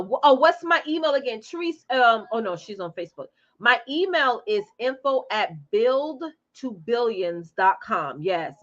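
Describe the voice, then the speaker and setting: A woman's voice: medium pitch, a bit bright, lo-fi sound. A woman in her forties chatting casually from home, reading out viewer comments and talking straight to them. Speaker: live stream host. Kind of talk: casual chat with live viewers.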